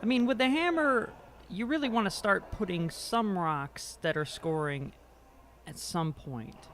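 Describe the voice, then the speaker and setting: A man's voice: high voice, measured pace, a bit bright, slight background noise. A man doing amateur commentary on a curling game, joking and self-deprecating and stumbling over players' names. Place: curling rink.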